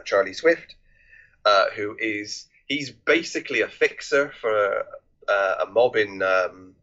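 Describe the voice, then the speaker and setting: A man's voice: fairly low pitch, fairly bright tone, muffled recording. A man co-hosting a casual film review podcast, rambling with many restarts and swearing freely. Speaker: podcast co-host.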